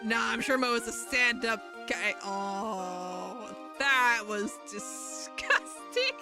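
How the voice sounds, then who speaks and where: A woman's voice: a little high, sing-song, slow, over music. A woman streamer giving casual, chatty game commentary with giggly asides.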